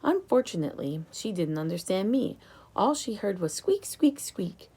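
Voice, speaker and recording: A woman narrating a children's book in an expressive storytelling manner. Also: mid-range voice, normal speed, husky. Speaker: audiobook reader.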